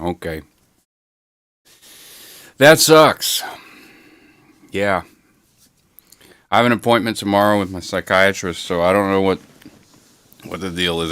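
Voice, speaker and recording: Low and a touch bright, a man's voice drifts through a casual home-studio livestream. He reads viewer chat aloud, rambling easily and dropping the odd swear word.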